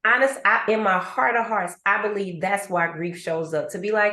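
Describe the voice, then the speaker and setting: Woman host, lively storyteller, recorded in an echoey room. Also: medium pitch, normal speed, few pauses. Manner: animated storyteller, acts out voices in asides. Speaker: host and grief coach. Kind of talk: conversational podcast talk.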